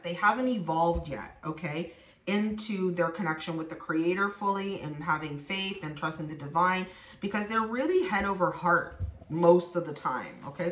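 A woman's voice: lowish voice, fairly bright tone. A woman giving a spoken tarot reading to her viewers, addressing them directly and acting out the voices she quotes. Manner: acts out quoted voices, talks straight to viewers. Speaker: tarot reader. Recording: echoey room.

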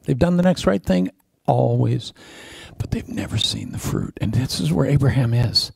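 A man preaching a sermon as a pastor, swinging from loud emphatic lines to hushed, almost whispered prayer. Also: mid-range voice, lively intonation, moderate pace, gravelly, husky, dry recording.

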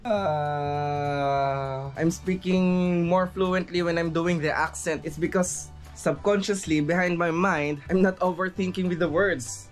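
A woman's voice: on the low side, fairly even intonation, slow pace, soft background music. A woman from the Philippines, chatting casually to her viewers in a home vlog and laughing often. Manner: chatty, giggly, addresses viewers as friends. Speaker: vlogger.

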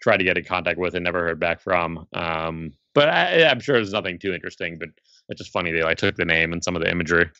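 A man appearing as a guest author on a podcast in casual chat, thinking aloud quickly over a remote call mic. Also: low voice, lively intonation, bright, forceful tone, no echo, dull audio.

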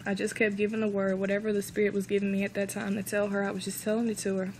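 A woman's voice: mid-range voice, monotone, very fast, a little mellow, a little hiss or hum, low-quality recording. A woman earnestly telling a personal faith testimony, emotional and close to tears, often repeating herself. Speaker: vlogger.

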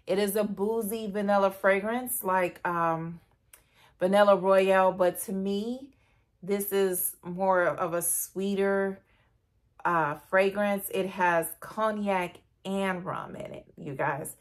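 A woman's voice: medium pitch, steady tone, takes it slowly. A woman beauty vlogger chatting casually and gushingly to her viewers in a perfume review. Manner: gushing, chatty, addresses viewers as "you guys".

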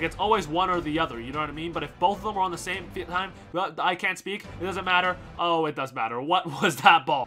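A young man giving excited, slang-filled commentary over a mobile football game, often repeating himself and shouting. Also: high-pitched. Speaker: gaming YouTuber.

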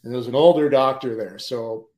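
A man, a former pro hockey player, telling lively anecdotes as a podcast guest and often laughing mid-story. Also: mid-range voice, moderate pace. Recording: roomy echo.

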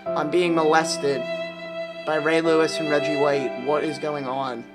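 A man giving profane let's-play commentary, reacting loudly to gameplay. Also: on the high side, level tone, unhurried. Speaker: gaming YouTuber. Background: music playing.

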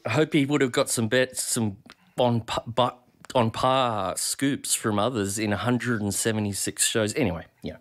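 A man's voice: medium pitch, moderate pace. A man reading viewer questions to the panel and teasing in casual chat.

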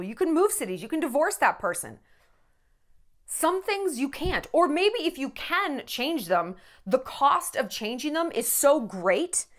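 Animated, candid woman vlogger. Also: a little high. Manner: candid, profane, rambling; emotional, tearful at times. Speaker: celebrity gossip vlogger. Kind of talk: casual vlog monologue.

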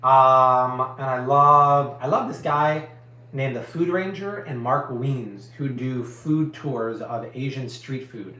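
A man's voice: mid-range voice, pushed and bright, echoey room. A man hosting a live cooking stream, chatting casually and answering viewer questions with slangy, emphatic energy. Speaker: cooking show host.

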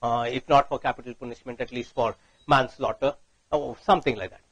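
A man's voice: mid-range voice, steady tone, a little fast, fairly bright tone, husky, no room sound, poor audio. A man giving a conference talk, telling a story and often checking in with "right?". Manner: storytelling, frequent "right?" tag questions. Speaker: speaker.

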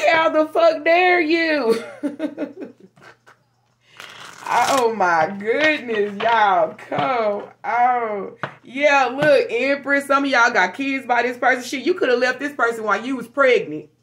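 A woman reads tarot for her viewers in a loose, chatty way. She talks frankly and curses freely, animated and quick to laugh, in a slightly high voice. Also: a little hiss or hum. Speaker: tarot reader. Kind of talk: casual tarot reading to viewers.

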